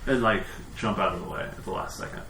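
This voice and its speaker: A man narrating a tabletop game as game master, relaxed and full of fillers. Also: low-pitched, fast. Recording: echoey room, faint background noise.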